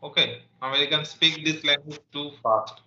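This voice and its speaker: A man's voice: fairly high pitch, steady tone, moderate pace, bright, forceful tone. A man from India with an Indian English accent, interviewing a guest and often saying "okay" as he restarts phrases. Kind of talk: conversational interview. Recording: echoey, muffled room sound.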